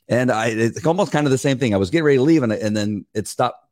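A man's voice: mid-range voice, animated, quick pace, a little mellow, no echo, clean studio sound. A man, a former police officer co-hosting a devotional podcast, telling a long story in a rambling way with many restarts. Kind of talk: casual devotional chat.

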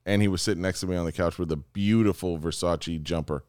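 A man co-hosting a podcast, loud and laughing, swinging between shouts and low mutters in crude banter. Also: steady tone, fast talker, clean tone, no room sound, studio quality. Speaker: podcast co-host.

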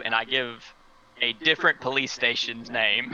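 A man playing his character in a tabletop game, talking hesitantly with stammers and sudden leaps in pitch. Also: fairly even intonation, normal speed, sharp tone, lo-fi sound. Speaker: player.

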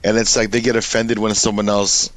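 A man's voice: fairly low pitch, flat delivery, a little fast, fairly bright tone, dry recording. A man from Los Angeles talking casually as a podcast guest, laid-back and swearing freely, acting out quotes.

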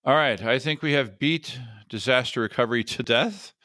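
A man hosting a tech podcast, chatting casually and upbeat with lots of quick affirmations. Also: medium pitch, sharp tone, no echo, studio quality. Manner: upbeat, conversational, frequent affirmations. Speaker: podcast host.

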